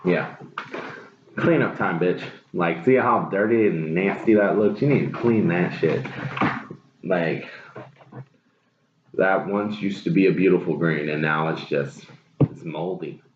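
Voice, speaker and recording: A man's voice: low-pitched, measured pace, long pauses. A man giving a casual tarot reading, blunt and profane, repeating his phrases for emphasis. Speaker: tarot reader. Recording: roomy, dull lo-fi with clear hiss.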